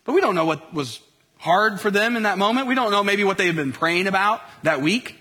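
Young male pastor, casual sermon, high bright voice, loose and chatty. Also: lively intonation, a little fast. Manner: conversational, many restarts and fillers.

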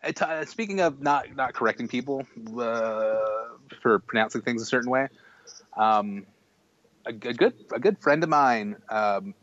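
A man co-hosting a podcast in casual chat, halting often with fillers and restarts. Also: mid-range voice, lively intonation, fairly bright tone. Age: adult. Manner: hesitant, restarts and fillers, chuckling. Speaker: podcast co-host. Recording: dull lo-fi dry sound.

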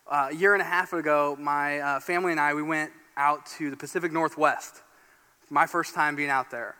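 A man from Northeast Indiana preaching a sermon as pastor, telling a story in an animated, excitable way. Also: a little high, normal speed. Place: church sanctuary. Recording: long church hall reverb.

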